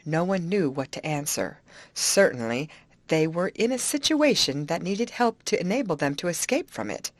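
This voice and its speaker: A woman narrating an old adventure novel aloud in an expressive storytelling manner. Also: lowish voice, normal speed, dry recording. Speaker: audiobook reader. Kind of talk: scripted narration.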